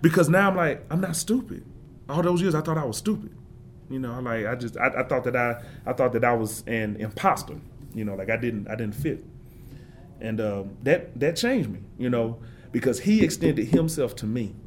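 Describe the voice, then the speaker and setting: A man's voice: medium pitch, lively intonation, normal speed, a little hiss or hum. A man giving an interview, talking with passion and building points through emphatic repetition. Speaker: forester and interview guest.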